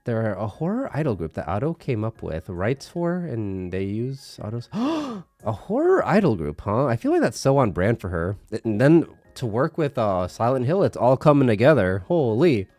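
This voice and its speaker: A young man chatting casually on a live stream, his voice thick from a congested nose. His pitch swings lively up and down as he laughs often and drops into halting Japanese. The sound is dry and close, with faint music underneath. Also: dry recording.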